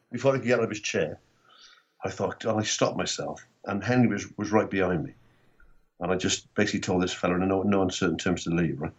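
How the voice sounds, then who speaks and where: A Welsh man telling rugby and comedy stories in casual chat, animated and swearing freely. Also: lowish voice, muffled recording. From Wales. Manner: animated storytelling, swearing, acting out quotes. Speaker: guest comedian.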